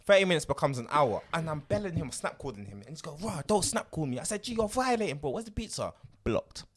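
Give me a young man telling a story on a podcast, his pitch swinging up and down. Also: fast talker, husky. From Ivorian family. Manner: animated storytelling, London slang. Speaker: podcast co-host. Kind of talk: casual banter.

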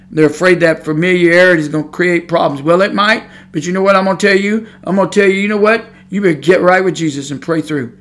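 A man preaching a sermon on his podcast, talking in a fired-up, conversational way and repeating his points. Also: high voice.

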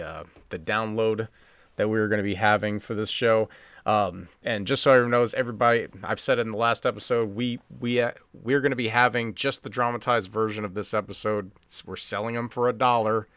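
A man's voice: fairly low pitch, fairly bright tone, clear, resonant tone, no room sound. A man hosting a casual podcast chat, rambling with lots of fillers and restarts. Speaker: podcast host.

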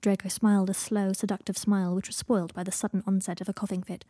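A woman narrating a fan fiction audiobook in an even, steady storytelling voice. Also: medium pitch, fast talker, no room sound, clean studio sound.

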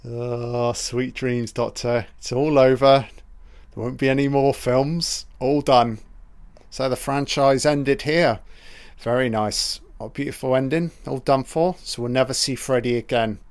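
Slow, smooth-voiced, profane man. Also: medium pitch, fairly even intonation. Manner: crude, profane and mocking toward the characters. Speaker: film commentator. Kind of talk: audio commentary over a film.

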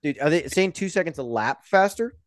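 A young man co-hosting a casual motorsport podcast, animated and quick to swear and laugh. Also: on the high side. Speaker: podcast co-host. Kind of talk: casual chat.

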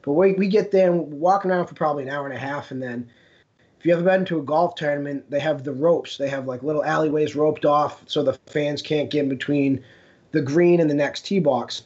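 A man's voice: a little high, a little fast, a little mellow. A young man co-hosting a podcast, telling stories in casual chat with a laugh in his voice. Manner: storytelling, laughs while talking. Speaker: podcast co-host. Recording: dull lo-fi podcast audio.

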